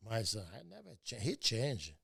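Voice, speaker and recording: An older man from Brazil, a native Portuguese speaker with a Brazilian Portuguese accent, speaking halting, broken English in short phrases as a guest in a casual conversation. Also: medium pitch, wildly swooping pitch, vocal fry, sharp tone, husky, no room sound, clean studio sound. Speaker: martial arts master, interview guest.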